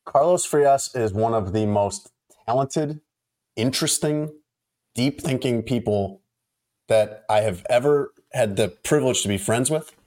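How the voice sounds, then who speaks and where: A man co-hosts a sports podcast and tells a story in a relaxed, chatty way. His voice sits at an ordinary middle pitch. He keeps a dry, amused edge as he talks. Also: a little slow. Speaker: podcast co-host. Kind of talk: casual chat.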